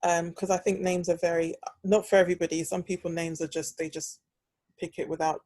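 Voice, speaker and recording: A woman's voice: fairly low pitch, little pitch movement, fairly quick, a little mellow, dry recording. A young British woman hosting a podcast, telling a story in casual chat and acting out the quoted dialogue. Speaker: podcast host.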